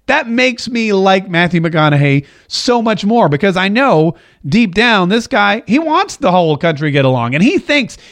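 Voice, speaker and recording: A man hosting a casual commentary show, talking in a chatty, joking way with animated asides. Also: sits high. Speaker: show host.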